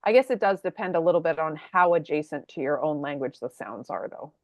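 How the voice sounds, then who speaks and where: A woman from Canada co-hosting a casual podcast chat, animated, laughing often and acting out what people said. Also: deep voice, a little fast, no room sound. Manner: animated, laughs often, acts out quoted voices. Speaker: podcast co-host.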